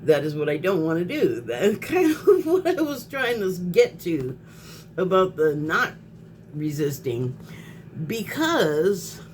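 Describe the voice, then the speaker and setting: A woman's voice: on the low side, very animated, slow pace, darkish tone, a little hiss or hum. A woman vlogger in a casual spoken monologue who rambles, restarts her sentences, laughs often and gets heated.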